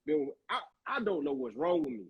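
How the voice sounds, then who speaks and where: A man's voice: on the high side, very animated, a little fast, phone-quality sound. A man hosting a casual discussion, talking in a rambling, searching way and often repeating himself. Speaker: host. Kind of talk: casual faith-minded discussion.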